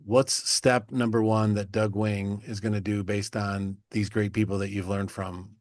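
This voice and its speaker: A man's voice: fairly low pitch, flat delivery, unhurried, no echo, clean studio sound. A man hosting an interview, asking long, enthusiastic, rambling questions. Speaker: podcast host.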